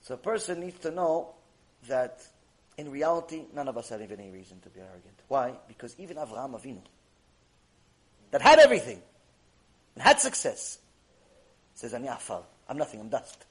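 A man's voice: medium pitch, very animated, moderate pace, long pauses, rough recording. A man giving a rabbinic ethics lecture, animatedly telling a story and acting out its dialogue. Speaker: rabbi teaching Jewish ethics.

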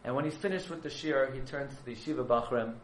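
A man who is a yeshiva rabbi, telling a story as a sermon, dramatic and surging from hushed to loud. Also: mid-range voice, fast talker, echoey room, a little hiss or hum, rough recording.

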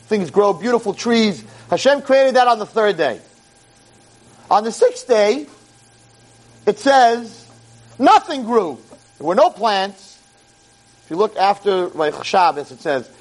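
A man giving an animated holiday sermon as a rabbi, mixing Hebrew verses with English and acting out the quotes dramatically. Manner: dramatic, acts out quotes with big pitch jumps. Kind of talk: animated sermon to a live audience.

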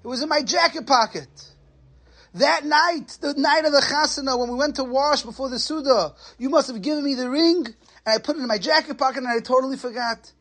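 A man voicing a flustered young groom who owns up to a mistake. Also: a little fast. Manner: excited, high and loud.

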